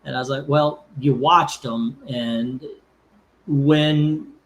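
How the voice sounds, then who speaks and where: A man's voice: medium pitch, steady tone, takes it slowly. A man co-hosting a casual live stream, emotional and rambling, sometimes flaring into anger. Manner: emotional, rambling, rising to angry outbursts. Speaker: co-host of a comics channel.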